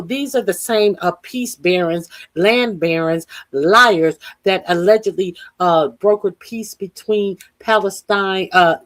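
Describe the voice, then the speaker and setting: A woman hosting political commentary, talking off the cuff with many fillers and blunt, profane remarks. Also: mid-range voice.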